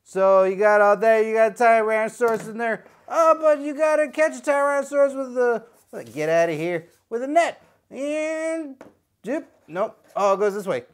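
Goofy, animated male unboxing host. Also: extremely high pitch, normal speed, smooth. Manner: playful, rambling, bursts into silly nonsense sounds; jokey asides, talks to the viewer.

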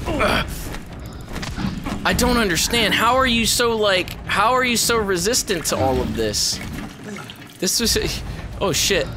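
A high, lively male voice bouncing between shouts and mutters as he plays a video game. He talks in an unhurried drawl, swearing and yelling his reactions. Game music plays clearly under him. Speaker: gaming YouTuber. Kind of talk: let's play commentary.

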